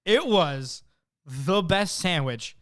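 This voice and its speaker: Smooth-voiced animated man telling stories. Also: high voice, slow. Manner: animated storyteller, swears often. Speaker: podcast co-host. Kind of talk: casual chat.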